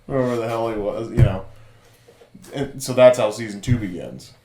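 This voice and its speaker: A man co-hosting a podcast, recapping a TV series in loose casual chat full of fillers and quick laughs. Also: medium pitch, dark tone. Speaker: podcast co-host. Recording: roomy echo.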